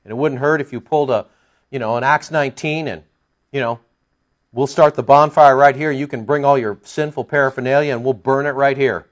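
A man's voice: medium pitch, fairly even intonation, a little fast. A man preaching an expository Bible-teaching sermon in a conversational, wry way, with sarcastic asides and emphatic bursts. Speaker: pastor. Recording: dull lo-fi sound.

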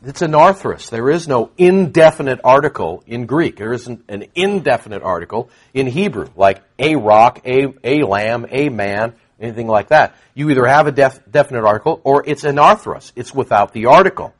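A male pastor preaching a sermon, emphatic and animated, firing off rhetorical questions. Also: medium pitch, normal speed, hardly any pauses.

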